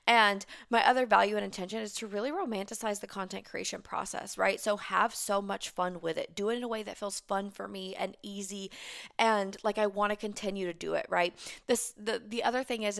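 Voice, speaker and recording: Brief: woman, 30s, coach hosting her own podcast, gravelly fry, emphatic, casual swearing. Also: mid-range voice, fairly bright tone. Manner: chatty, emphatic, swears and laughs often. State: thirty-five weeks pregnant, short on sleep. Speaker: business coach and podcast host. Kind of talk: casual solo podcast monologue.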